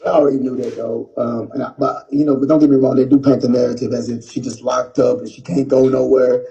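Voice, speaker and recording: A man speaks in a gravelly, mellow voice, calm and earnest. The dull, lo-fi audio sounds like it was replayed from a clip. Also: medium pitch, fast. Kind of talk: explaining his views in a talk clip.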